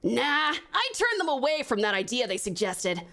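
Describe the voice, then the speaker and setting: A woman's voice: a little high, sing-song, normal speed, pushed and bright, heavily acted. A woman reading as an easygoing young tavern lad. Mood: light teasing. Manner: easygoing banter. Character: friendly dependable young male tavern worker.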